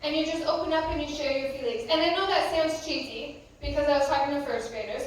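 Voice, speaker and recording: This youth sermon comes from a young American woman who works as a youth pastor, talking casually and conversationally with many fillers. Her high-pitched voice moves fast, and a little hiss or hum is audible. She's recorded from afar in an echoey church youth room.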